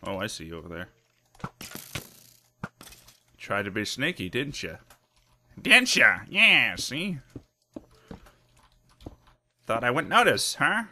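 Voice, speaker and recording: A man voicing an old-school male mafioso who needles and taunts with sly, drawn-out questions. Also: mid-range voice, sing-song, a little hiss or hum. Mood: taunting.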